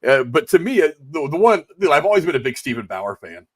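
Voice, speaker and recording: A man's voice: on the high side, sing-song, husky. A man hosting a casual movie review chat, enthusiastic and handing the turn to the others. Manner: quick, enthusiastic, hands turns to guests. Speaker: podcast host.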